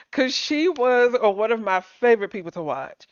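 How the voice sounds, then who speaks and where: A woman's voice: on the high side, sing-song, a little slow, dry recording, muffled recording. Sassy woman chatting live to viewers. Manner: sassy, chatty, calls viewers honey and sugar. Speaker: livestream host. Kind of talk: casual chat to live viewers.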